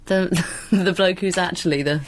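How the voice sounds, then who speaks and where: A woman's voice: lowish voice, fairly even intonation, moderate pace, background noise. A woman co-presenting on radio, chatting casually and teasing the host as she laughs along. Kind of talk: casual studio banter.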